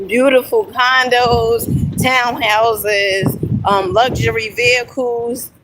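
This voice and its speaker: A woman's voice: mid-range voice, measured pace, slight background noise, rough recording. Emphatic woman vlogging motivation. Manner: emphatic, peppers talk with "okay?" and "honey"; bursts into excited whoops. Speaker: inspirational video creator. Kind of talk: motivational vlog talk.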